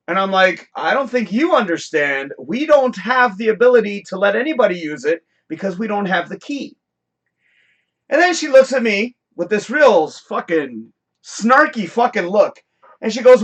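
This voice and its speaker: A man hosting a live talk show, telling a work story in a casual, profane, animated rant that now and then bursts into shouting. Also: high-pitched, moderate pace. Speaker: podcast host.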